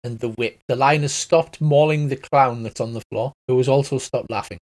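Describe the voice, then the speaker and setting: A man's voice: medium pitch, moderate pace, darkish tone. A man narrating as game master, chatty and laughing, acting out creatures and crowds as he goes.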